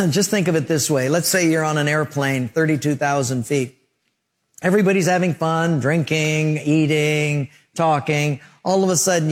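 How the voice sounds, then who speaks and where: A pastor preaching a radio sermon, telling stories earnestly and repeating lines for emphasis. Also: male voice, a little high. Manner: earnest, storytelling, emphatic repetition.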